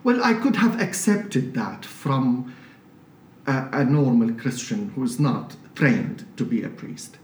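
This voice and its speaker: A man from Syria, a priest and charity director, telling stories with animated emphasis as an interview guest in an office. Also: medium pitch, slow. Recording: roomy office, mic at a distance, faint hiss.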